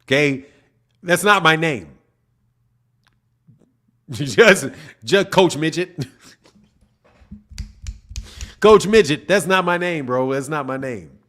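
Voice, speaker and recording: The boxing channel's middle-aged host goes slowly here, pausing often, his fairly high, bright voice expressive. He reads the live chat on a casual stream, chatting with viewers in slang and firing jokes back at what they write.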